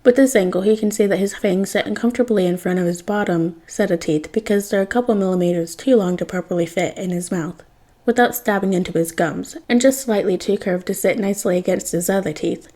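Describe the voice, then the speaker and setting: A woman reads fan fiction aloud, narrating with a wry, expressive touch. Her voice is mellow and warm, with a middling pitch. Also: a little fast. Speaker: podfic reader.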